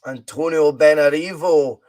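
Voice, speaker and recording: A Scottish man hosts a relaxed live stream, his voice pitched slightly above the usual male range. He banters easily and reads out viewer comments as he plays a football management game. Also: a little slow. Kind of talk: casual live-stream chat.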